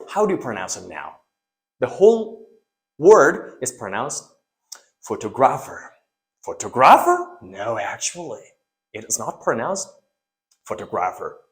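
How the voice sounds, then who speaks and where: A young man, not an English speaker, teaching pronunciation and repeating words for drill. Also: mid-range voice. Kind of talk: pronunciation lesson.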